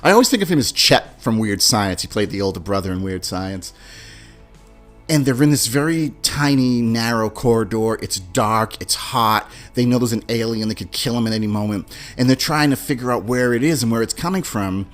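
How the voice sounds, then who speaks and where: Male podcast host, mid-range pitch, chatty animated storyteller, faint music underneath. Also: moderate pace. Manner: animated storyteller, mimics beeping sounds and movie lines. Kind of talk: casual movie-talk podcast.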